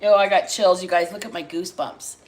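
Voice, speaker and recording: A woman's voice: on the low side, steady tone, a little fast, low-quality recording. A woman hosting a casual tarot-reading livestream, chatting bluntly and swearing freely. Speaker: tarot reader and livestream host.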